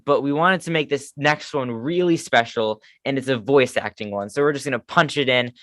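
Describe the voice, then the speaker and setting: A man's voice: mid-range voice, normal speed, fairly bright tone, no echo, clean studio sound. Self-deprecating man co-hosting a fan podcast. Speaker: podcast co-host. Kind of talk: casual chat.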